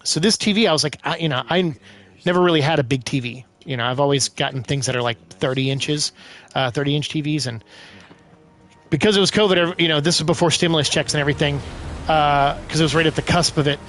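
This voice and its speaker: A man giving casual let's-play commentary, exclaiming loudly as he plays. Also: a little high, fast talker. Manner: excitable, loud bursts of exclaiming while playing. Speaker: gaming streamer.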